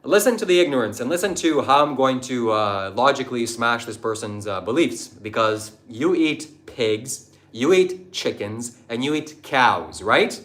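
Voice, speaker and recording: A man's voice: medium pitch, expressive, unhurried, a bit bright. A man talking on his livestream, preachy and combative as he lectures viewers and reads out their comments. He mocks the people who disagree with him. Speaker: livestream host. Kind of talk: livestream talk answering chat.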